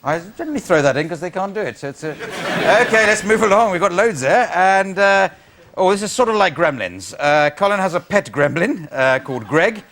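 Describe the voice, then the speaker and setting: A man's voice: high-pitched, animated, brisk. A man hosting an improv comedy show, setting up games with dry, wry asides before a studio audience. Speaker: host. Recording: studio audience laughter and noise.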